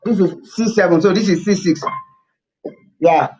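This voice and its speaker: A man's voice: high-pitched, brisk, lo-fi sound. A man teaching a singing webinar, repeating key points and explaining things as he plays the piano. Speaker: vocal coach.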